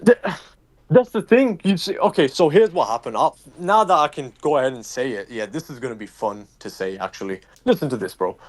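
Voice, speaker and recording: A man's voice: mid-range voice, expressive, a little fast. Profane ranting young man with Birmingham accent. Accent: Birmingham English. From England. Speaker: streamer, guest. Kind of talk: casual interview.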